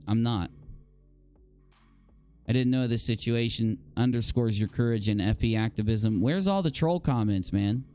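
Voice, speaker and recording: A man's voice: mid-range voice, mellow. A man hosting a nightly live-stream talk show, reading viewer comments aloud and reacting in an exasperated, incredulous way. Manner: exasperated, incredulous, rambling with sighs and repeated exclamations. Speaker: podcast talk show host.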